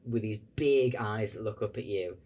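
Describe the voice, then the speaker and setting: A man's voice: fairly low pitch, moderate pace, dark tone, slightly rough. Man narrating a tabletop game. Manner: loose, hesitant narration with many "like"s and "sort of"s. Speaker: game master.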